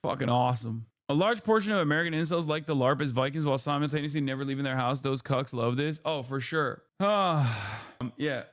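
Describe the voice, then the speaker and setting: A man's voice: medium pitch, a little fast, hardly any pauses, no room sound, studio quality. Sarcastic, profane male streamer. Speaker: political commentary streamer. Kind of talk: live-stream news commentary.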